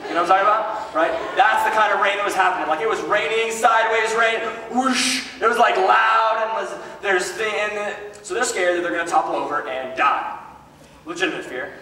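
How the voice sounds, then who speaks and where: A man preaching a sermon in a casual storytelling way, joking and animated with chatty asides. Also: a little high. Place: large hall. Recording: echoey hall from far off.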